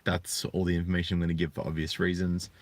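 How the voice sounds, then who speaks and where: Low, dry-sounding man in his thirties, a reflective live-stream host. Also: completely flat delivery, dry recording. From Australia. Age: 30s. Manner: earnest, reflective, halting. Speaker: channel host. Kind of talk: live-streamed personal talk.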